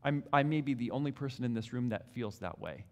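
A man preaching a sermon in a hall, animated, acting out prayers in different voices. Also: medium pitch, fast. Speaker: pastor. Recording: long hall reverb.

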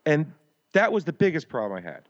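A man's voice: fairly high pitch, sing-song, brisk. A man co-hosting a podcast in casual chat, grumbling and sarcastic. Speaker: podcast co-host. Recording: dull lo-fi audio.

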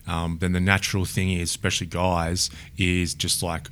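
Deep-voiced man, relaxed chat. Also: brisk, hardly any pauses, clean tone. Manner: relaxed, rambling storytelling. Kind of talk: casual conversation.

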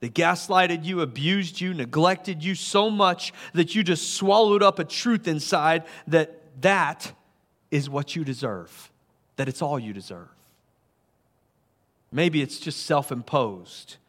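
Earnest preaching man, fairly high voice. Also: slow pace. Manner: earnest, swelling to emphatic then dropping soft. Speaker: pastor. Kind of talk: sermon.

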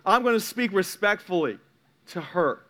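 A man preaching a sermon in a conversational, animated way, addressing the congregation directly and acting out little quoted voices. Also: high voice, normal speed. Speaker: pastor.

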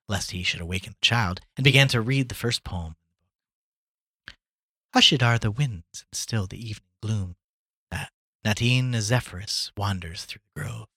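A man reads a short story aloud for a podcast, lifting his voice into the characters' lines. His voice is a bit low, bright and husky. The recording is dry and close. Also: no echo. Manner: expressive, voices the dialogue dramatically. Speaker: podcast reader.

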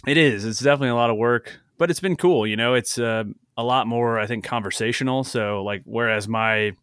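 A man chatting casually as a podcast guest, relaxed and rambling with lots of fillers. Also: mid-range voice, a little fast, clean tone, dry recording, studio quality. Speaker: podcast guest and former host.

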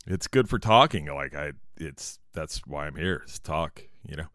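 A man's voice: a bass voice, animated, moderate pace, a bit bright, no echo, clean studio sound. A man hosting his own podcast, talking loosely and rambling, jittery from caffeine. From Southern California. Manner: rambling, loose, swears casually, restarts. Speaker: podcast host. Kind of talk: casual solo podcast talk.

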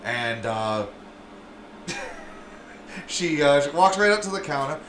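A man's voice: fairly high pitch, slow pace, roomy sound, slight background noise. A man co-hosting a podcast, telling casual stories with lots of swearing and acted-out sounds. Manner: animated storyteller, swears often, acts out sounds. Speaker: podcast co-host. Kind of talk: casual chat.

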